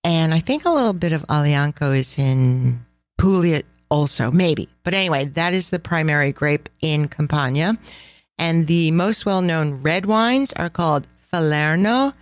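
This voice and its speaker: A woman's voice: low voice, expressive, normal speed, no room sound. A middle-aged woman hosting a casual travel podcast, enthusiastic and laughing often, dropping in Italian phrases. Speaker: podcast host and travel planner.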